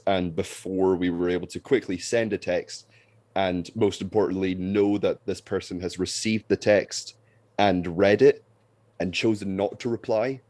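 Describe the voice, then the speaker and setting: Dry, deep-voiced man reviewing films. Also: no room sound. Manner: dry, sarcastic, deadpan. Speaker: podcast co-host, film reviewer. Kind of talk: casual film review chat.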